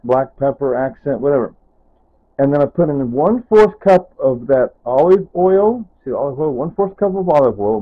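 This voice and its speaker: A man talking casually to camera in his home kitchen, rambling and wandering off topic, often trailing off with "anyway" and "whatever.". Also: medium pitch. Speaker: vlogger. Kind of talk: casual kitchen vlog narration. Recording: tinny phone-like sound.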